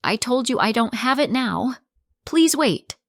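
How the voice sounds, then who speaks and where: A woman's voice: fairly low pitch, fairly even intonation, normal speed, no room sound, studio quality, close to an everyday voice. Woman voicing a frightened pleading mother. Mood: pleading, screaming. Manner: pleading, rising to screams under threat. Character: frightened poor mother protecting her daughter.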